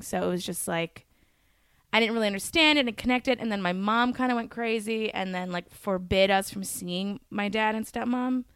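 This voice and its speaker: A woman in her thirties, a comedian guest in a casual podcast chat, candid and quick to laugh, swearing freely. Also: mid-range voice, creaky, a bit bright, smooth, no echo, studio quality. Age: 30s.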